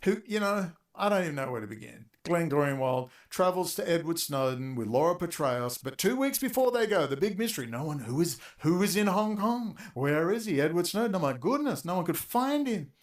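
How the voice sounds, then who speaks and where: A man ranting angrily on a talk show, profane and exasperated, talking in rapid bursts. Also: on the high side, very animated. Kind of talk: angry political rant.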